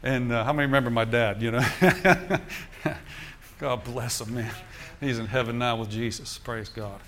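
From the pulpit, an older male preacher shares his own story as a sermon testimony in church, chuckling and lively as he addresses the congregation. His middle-pitched voice is conversational and animated at a moderate pace, with a little hiss or hum.

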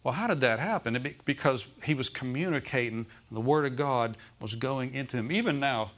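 A man's voice: mid-range voice, fairly quick, fairly bright tone. A male pastor preaching a Sunday sermon in a church, often calling out "Amen?" and "Okay?" to the congregation.

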